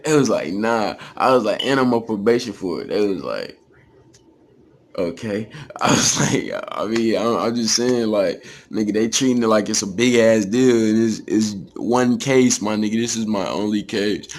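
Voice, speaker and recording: A man's voice: fairly low pitch, moderate pace. A young man from Texas with a Texas accent, telling a story in a casual, slangy, profane way.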